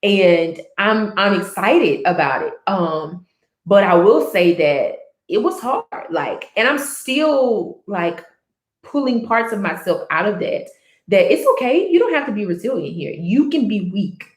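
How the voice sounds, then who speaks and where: Woman vlogger, mid pitch, earnest and rambling, with a roomy echo. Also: big pitch swings, measured pace. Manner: earnest, rambling with many restarts and fillers. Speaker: book chat vlogger. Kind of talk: casual personal reflection.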